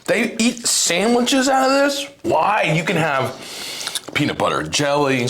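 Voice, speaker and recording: A man's voice: high voice, big pitch swings, measured pace, a bit bright, a little hiss or hum. A man hosting a casual snack-tasting video, joking and complaining in an exaggerated way. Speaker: channel host tasting snacks.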